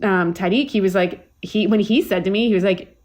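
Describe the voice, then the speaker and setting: A woman's voice: mid-range voice, fairly quick, a little mellow. A woman guest chef on a podcast in casual chat, telling stories with lots of fillers and restarts. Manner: rambling storyteller, many fillers and restarts.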